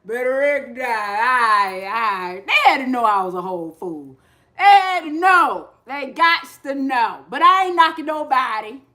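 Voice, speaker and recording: High, bright-voiced woman hosting a spiritual livestream. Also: sing-song, unhurried. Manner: slangy and repetitive, laughs often. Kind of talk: casual live spiritual talk with chat.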